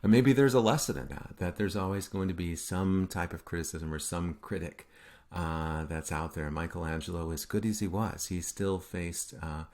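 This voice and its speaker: Brief: male art lecturer, very low voice, informal and halting, lots of "uh" and "right?". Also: a little mellow. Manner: halting, many fillers, self-correcting, checks in with "right?". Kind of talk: recorded lecture.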